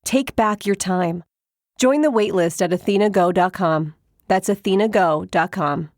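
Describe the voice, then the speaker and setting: A woman's voice: medium pitch, measured pace, no echo, clean studio sound. A woman announcer reading a scripted ad in a polished, persuasive way. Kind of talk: scripted ad read.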